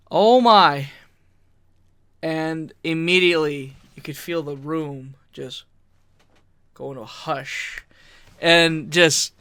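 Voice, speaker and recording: A man telling wrestling stories in a casual podcast chat, animated, often laughing, swearing freely and acting out quotes. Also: a little high, vocal fry, clear, resonant tone, dry recording. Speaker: podcast guest. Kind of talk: casual storytelling.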